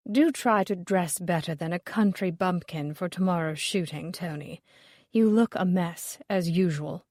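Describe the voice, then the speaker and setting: A woman's voice: lowish voice, a little slow, darkish tone, no room sound, studio quality. A woman voicing a haughty, snobbish British woman appraiser with a sarcastic, belittling manner. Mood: disdainful.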